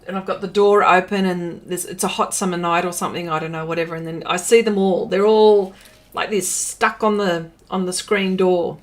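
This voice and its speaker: A middle-aged woman with an Australian accent, chatting casually on a livestream, laughing often and trailing off with fillers. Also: lowish voice. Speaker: artist livestreaming. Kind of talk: casual livestream chat reading comments.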